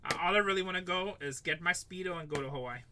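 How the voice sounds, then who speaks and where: A man's voice: sits high, fast talker, background noise. A middle-aged man hosting a live card break, rambling and joking, casually swearing as he calls out teams. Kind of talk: livestream sales chat.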